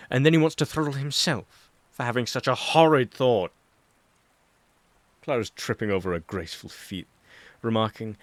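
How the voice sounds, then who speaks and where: A man narrating an audiobook, reading a chapter of fan fiction in a steady, even storytelling manner. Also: medium pitch, moderate pace, pauses often, no room sound.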